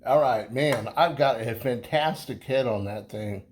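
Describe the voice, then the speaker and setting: Easygoing man of middle pitch, rambling casually through a beer review vlog. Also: unhurried, a little hiss or hum. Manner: rambling, full of fillers and restarts; easygoing, chatty.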